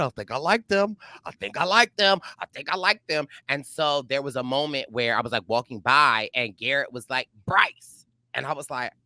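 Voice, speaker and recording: Bright-voiced man telling animated stories. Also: medium pitch, no room sound, clean studio sound. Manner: animated storyteller, acts out quotes, many fillers. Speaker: podcast co-host. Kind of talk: casual chat.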